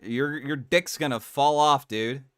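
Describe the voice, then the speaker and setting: A man's voice: medium pitch, a little slow, a bit bright, dry recording, studio quality. A man doing casual reaction commentary, interrupting with crude, rambling and mocking remarks. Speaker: streamer commentator.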